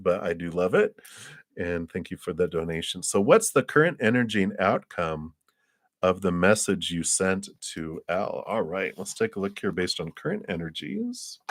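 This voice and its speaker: A deep-voiced man reads tarot cards for viewers on a live stream. He talks in a loose, chatty way and keeps musing aloud about what he feels. He laughs easily between his thoughts. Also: fairly bright tone. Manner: chatty, laughs often, thinks aloud with "I just feel like". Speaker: tarot reader. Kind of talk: live-stream card reading.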